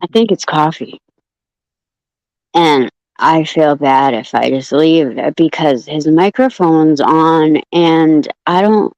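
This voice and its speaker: A woman's voice: deep voice, slow, dry recording, lo-fi sound. Giggly, foul-mouthed woman on a stream. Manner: profane, laughing a lot, yelling across the room. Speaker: live stream guest. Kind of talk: casual live stream chat. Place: home room with open window.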